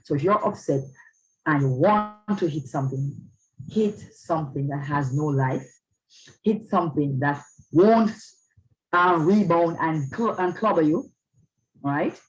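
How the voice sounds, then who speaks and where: A woman's voice: sits low, a little slow, poor audio. A woman giving a talk on parenting in a church, earnest and often checking in with her listeners. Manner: earnest, checks in with "all right?". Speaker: speaker on parenting.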